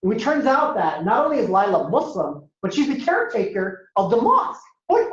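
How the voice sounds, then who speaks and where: A man giving a lively storytelling talk as a guest speaker at a university, acting out dialogue in a casual way. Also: high voice, brisk. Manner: animated, acts out dialogue, casual. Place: university lecture hall. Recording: echoey hall, dull lo-fi sound.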